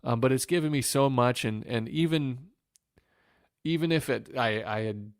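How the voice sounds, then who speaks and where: A man, a former pro pitcher from Northwest Ohio, telling emotional stories in a podcast interview, with fillers and restarts. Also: normal speed, dry recording, clean studio sound. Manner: emotional, reflective storytelling with many fillers and restarts.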